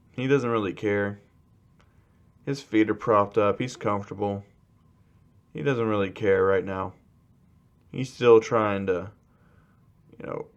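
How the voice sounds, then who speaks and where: Low, slow-talking man telling a fan story. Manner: rambling, fills gaps with "you know". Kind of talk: casual fan-fiction retelling.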